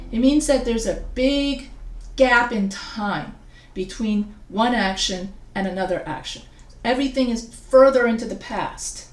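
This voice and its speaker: A fairly high-voiced woman gives a casual recorded grammar lesson, chatting her way through the points and often circling back to restart a sentence. The sound is roomy, with a noticeable echo around her voice. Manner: chatty and digressive, with frequent restarts. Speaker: writing teacher. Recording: echoey room sound.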